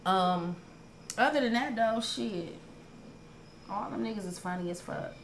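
A woman on a podcast telling stories in casual chat, profane and animated, acting out her own past arguments. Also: medium pitch, a little slow, vocal fry, a little hiss or hum. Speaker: podcast co-host.

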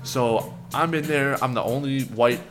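A man co-hosting a casual podcast, telling a story in a profane, animated way. His voice sits at an ordinary pitch. Music plays clearly behind him. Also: measured pace. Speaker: podcast co-host.

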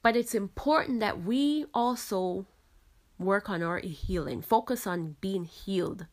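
A woman's voice: medium pitch, a little slow. A woman from the Caribbean islands hosting a faith podcast, talking in an earnest, reflective way with frequent "you know". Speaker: podcast host. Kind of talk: faith-based podcast talk.

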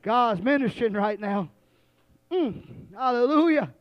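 This sermon comes from a man whose voice sits very high, his lively, slightly slow delivery swinging between hushed storytelling and stretched, shouted refrains repeated many times. It sounds close and dry, without room echo, though the recording is muffled.

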